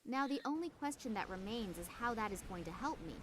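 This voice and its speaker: A woman's voice: a little high, animated, fairly quick, noisy background, natural voice. An actress playing an earnest young woman puzzling over a clue in a game. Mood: musing. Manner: earnest, musing. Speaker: game protagonist.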